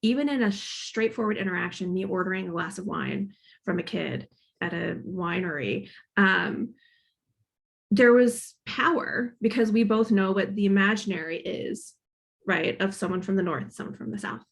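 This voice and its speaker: A woman in her thirties with a Midwestern accent carrying a slight Boston inflection speaks as a guest author. Her mid-pitched voice has a steady gravelly fry. She talks in a candid, reflective way, thinking aloud with plenty of "um" and "like.". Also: moderate pace. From Northern Kentucky. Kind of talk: casual conversational talk at a library author event.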